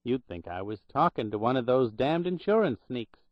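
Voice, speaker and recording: A man's voice: medium pitch, big pitch swings, moderate pace, dry recording, muffled recording, natural voice. A man voicing a chatty, portly woman hospital clerk with a Boston accent, gushing and gossipy.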